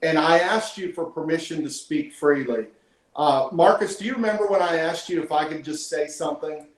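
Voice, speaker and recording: A man's voice: on the high side, normal speed, echoey room, poor audio. A man hosting a team call, talking in an emotional, earnest way and praising his guest. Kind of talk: heartfelt conversational interview. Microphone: call audio.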